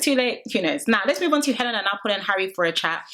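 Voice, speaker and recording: A woman's voice: mid-range voice, animated, fast, hardly any pauses, fairly bright tone. A young woman chats straight to her audience. Her talk is casual and gossipy, with dramatic emphasis and playful teasing asides. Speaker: reality TV reviewer. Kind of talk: casual review chat to viewers.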